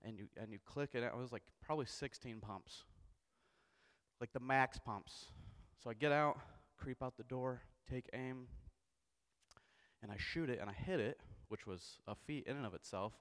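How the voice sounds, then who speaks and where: Storytelling pastor in a reverberant hall. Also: male voice, medium pitch, moderate pace. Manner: animated, self-mocking storyteller who keeps asking "okay?". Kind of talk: storytelling sermon. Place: church sanctuary. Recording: long church hall reverb.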